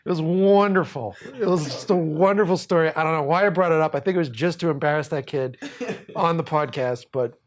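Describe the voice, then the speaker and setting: A man from Boston with a somewhat high voice, spinning a long anecdote on a podcast. He rambles, swears freely and laughs his way through the story, in the loose tone of casual chat. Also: fairly quick. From Boston, USA. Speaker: podcast host.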